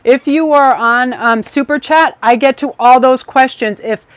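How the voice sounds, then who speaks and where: A woman leads a live tarot reading in a voice pitched a little high. She talks in an effusive, rambling way, full of fillers and gushing asides. The sound is dry and close, with little room in it. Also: measured pace, no echo. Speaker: tarot reader hosting a live stream.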